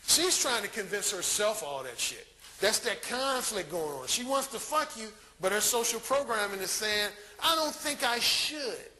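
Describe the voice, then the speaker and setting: Animated, bright-voiced man on stage. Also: high voice, normal speed, slight background noise. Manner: animated, crude storytelling. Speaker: dating coach speaker. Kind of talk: live conference talk.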